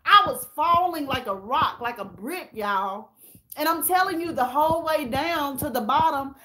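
A woman's voice: high-pitched, fairly quick, bright, forceful tone. A woman hosting a casual livestream, tearful and candid as she talks straight to her viewers and reads their comments. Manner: candid and emotional, addressing viewers as y'all.

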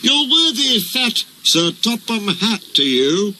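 A man's voice: high-pitched, lively intonation, moderate pace, sharp tone, a little hiss or hum, pitched above the performer's own voice, heavily acted, low-quality recording. A man doing Duck, a curt, sly little engine. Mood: dry, sly. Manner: curt, dry. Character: sly, sensible male tank engine.

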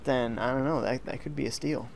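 A man's voice: mid-range voice, steady tone, brisk, creaky, slight background noise. A man giving live commentary on a video game, joking and reading viewer chat aloud from home. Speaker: gaming streamer. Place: at home during a rainstorm.

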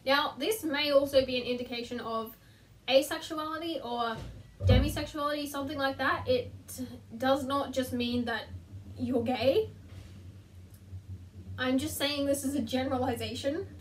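High young woman, chatty vlog, self-deprecating, slightly distant mic in a bedroom. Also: normal speed, a little hiss or hum. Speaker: vlogger. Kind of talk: casual chat to camera. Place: bedroom, sitting on the floor between two beds.

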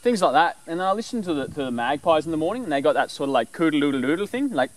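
A man's voice: on the high side, very animated, quick pace, heavy background noise. A man explaining animal calls in a loose, rambling way, breaking now and then into bird imitations. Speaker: presenter teaching animal call mimicry. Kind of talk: casual explanatory talk.

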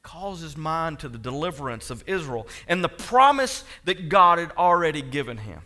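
A male pastor addresses his congregation directly, his sermon swinging between quiet asides and loud, impassioned lines. His voice sits on the high side with a sing-song quality, moving at a normal speed with hardly any pauses.

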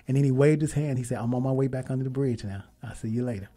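A man hosting a radio talk show, telling a story with lively, emphatic quoted dialogue. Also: mid-range voice, rapid-fire. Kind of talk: casual storytelling and interview.

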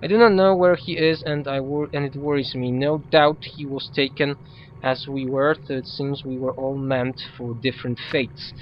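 A man's voice: mid-range voice, fairly even intonation, normal speed, highs cut off, a little hiss or hum, close to an everyday voice. A man who is not a native English speaker, reading a stern female druid's lines aloud in his own plain voice. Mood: steady. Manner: reads written dialogue aloud in a plain voice.

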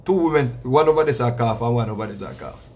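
A man's voice: medium pitch, quick pace, a little mellow, breathy edge. A man with a Jamaican accent, a reggae artist, talking in a casual monologue that repeats itself for emphasis. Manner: preachy, repetitive, emphatic with slang asides.

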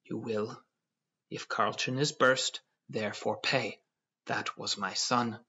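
A man voicing a grasping German showman who cries out in shrill, wailing bursts. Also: steady tone, takes it slowly, bright, forceful tone, breathy edge, exaggerated voice. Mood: accusing. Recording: dull lo-fi audio.

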